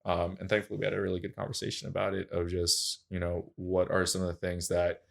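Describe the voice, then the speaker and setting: A man's voice: low voice, monotone, quick pace, vocal fry, fairly bright tone. A young man, a track and field coach, telling his story as a podcast guest in an earnest, candid, casual way full of slangy fillers.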